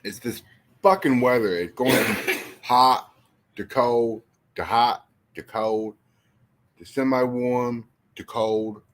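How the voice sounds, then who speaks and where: A man's voice: mid-range voice, slow pace, a little hiss or hum. A man chatting casually on a livestream, rambling and swearing freely as he talks to viewers. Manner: rambling, profane and animated, talking to chat.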